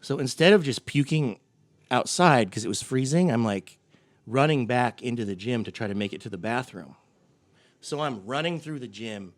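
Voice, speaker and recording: A man's voice: mid-range voice, lively intonation, moderate pace. A man on a casual podcast, telling a story with animation and laughing as he talks. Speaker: podcast co-host. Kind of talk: casual chat.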